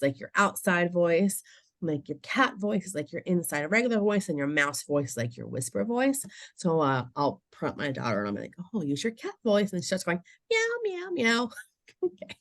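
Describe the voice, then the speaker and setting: A woman's voice: fairly low pitch, no room sound. A woman behavior analyst giving a conversational presentation to parents, often checking in with her listeners and laughing lightly between points.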